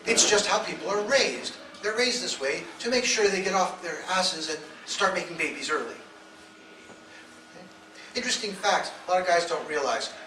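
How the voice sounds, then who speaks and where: A man's voice: sits high, bright, forceful tone, slight background noise. A man giving a blunt, provocative talk to a live audience, telling stories and acting out the voices in them. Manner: storytelling, acts out quoted voices. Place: event hall. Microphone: audience phone camera. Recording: echoey phone recording from far off.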